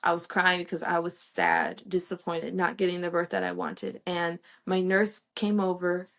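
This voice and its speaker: A woman's voice: on the low side, level tone, normal speed, gravelly, fairly bright tone. A young American woman telling a personal story in a chatty way, full of "like" and "okay", acting out what others said. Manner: chatty, fills with "like" and "okay", acts out quoted voices. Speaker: podcast host sharing her birth story.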